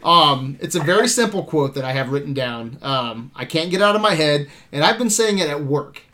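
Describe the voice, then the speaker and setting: A man's voice: on the high side, normal speed. A man hosting a casual movie-review chat, laughing often and swearing freely. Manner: laughing, profane, animated. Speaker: podcast host.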